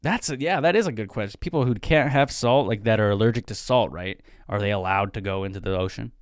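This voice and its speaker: A man's voice: lowish voice, quick pace, dry recording, clean studio sound. A young man hosting his own podcast, rambling casually with joking asides. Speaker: podcast host. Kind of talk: casual solo chat.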